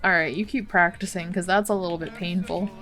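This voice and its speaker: A woman's voice: fairly low pitch, steady tone, fairly quick, fairly bright tone, faint music behind. A woman hosting a Let's Play, giving casual, chatty gameplay commentary full of exclamations and laughter.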